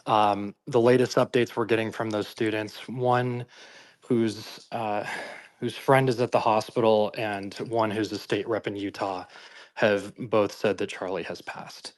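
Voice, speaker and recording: A man's voice: on the low side, little pitch movement, unhurried. A man who chairs a student group, giving careful, factual updates with some hesitation in a live audio room.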